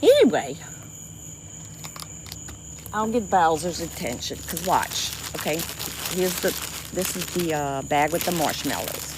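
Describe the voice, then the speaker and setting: A woman's voice: deep voice, big pitch swings, a little slow, long pauses, very noisy. Cajun woman chatting on a swamp livestream. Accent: Cajun, South Louisiana. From South Louisiana. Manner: chatty, lots of restarts and y'all, laughs easily. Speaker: livestream host. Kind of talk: casual livestream chat with viewers. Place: outdoors by a swamp river at night.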